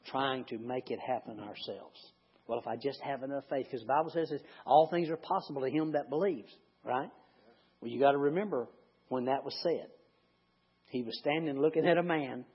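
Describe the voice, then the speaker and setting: A pastor preaching a conversational sermon in his church, swinging from loud emphatic lines to hushed, quiet prayerful ones. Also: mid-range voice, breathy edge. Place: church sanctuary. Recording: dull lo-fi sound.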